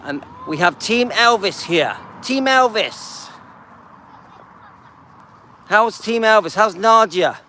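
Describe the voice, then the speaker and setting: A man's voice: sits high, animated, measured pace, hardly any pauses, bright, forceful tone, slight background noise. An older man hosting a casual live stream while walking outdoors through a seaside town, chatting and greeting viewers by name.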